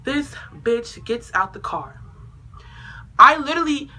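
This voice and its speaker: A young woman vlogger telling a personal story in a casual, animated way, with lots of profanity and acted-out quotes. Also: a little high, slow pace.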